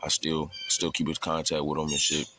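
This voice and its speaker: A man's voice: very deep voice, monotone, moderate pace, bright, forceful tone, a little hiss or hum. A man telling a story in a loose, profane, casual way, laughing along as he goes.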